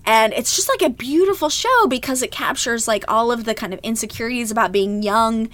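Chatty woman podcast co-host, higher voice. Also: lively intonation, fairly quick, fairly bright tone. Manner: chatty and enthusiastic, laughs often. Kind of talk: casual chat.

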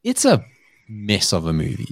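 A man's voice: fairly low pitch, wildly swooping pitch, moderate pace, dry recording, studio quality. A man hosting a podcast, telling a story in a chatty way and laughing often. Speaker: podcast host. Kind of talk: casual chat.

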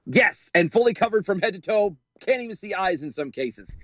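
High-pitched guy cohosting, jumpy lively delivery, sarcastic, laughs a lot. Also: normal speed, no room sound. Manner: animated, sarcastic, laughs often. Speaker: podcast co-host. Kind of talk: casual commentary reading news aloud.

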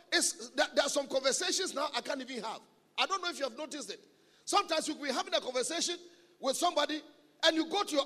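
High-voiced man preaching in a reverberant hall. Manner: animated, humorous, repeats key phrases. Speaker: guest preacher. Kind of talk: sermon. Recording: long reverb of a large hall.

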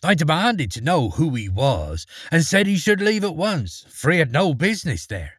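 A man reading aloud as an earnest, fearless young lad, his husky voice rising and falling with lively intonation. The sound is close and dry, with no room around it. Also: on the high side, moderate pace, dry recording, voice pushed up. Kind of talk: storybook reading.

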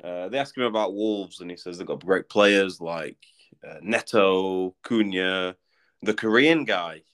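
A man's voice: low-pitched, a little slow, smooth. A man co-hosting a football podcast, telling match stories in a teasing, laid-back way. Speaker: podcast co-host. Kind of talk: casual football chat.

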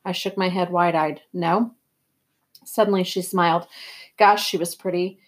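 A woman reading a novel aloud in a plain, even first-person narration. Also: on the low side, moderate pace. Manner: plain, even read-aloud with throat clearing. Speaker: reader.

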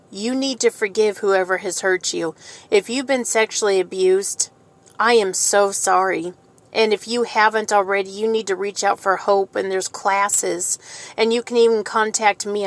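A woman giving an informal, heartfelt sermon in an earnest, emotional way, repeating key phrases for emphasis. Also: medium pitch. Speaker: Christian speaker giving a devotional message.

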